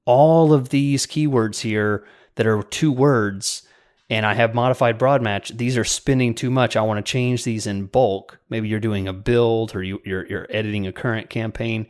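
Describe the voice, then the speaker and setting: A man's voice: fairly low pitch, fairly even intonation, normal speed, a little mellow. Man, podcast co-host, casual chat, step-by-step explainer, laughs easily.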